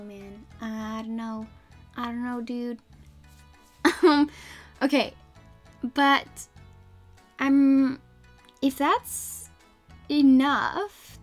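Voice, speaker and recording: A young woman streamer chatting casually and rambling, with frequent giggles and fillers. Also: high voice. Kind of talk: casual live-stream chat.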